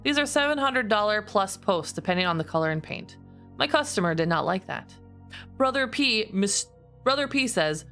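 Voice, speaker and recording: Streamer woman reading in a lowered voice. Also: animated, moderate pace, fairly bright tone, faint music behind. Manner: reads in a lower, steadier voice, laughs often. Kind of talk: reading posts aloud on a stream.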